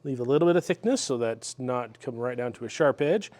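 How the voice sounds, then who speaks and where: A man talking through a guitar repair step by step in his workshop, relaxed and methodical as he works with his hands. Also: medium pitch, fairly quick. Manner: relaxed, methodical, talks while working with hands. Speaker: luthier demonstrating a repair.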